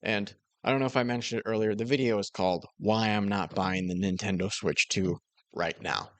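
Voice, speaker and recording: A man's voice: fairly low pitch, fairly quick, no echo. A man giving casual, mocking commentary on another creator's video. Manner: sarcastic, mocking. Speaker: commentary YouTuber.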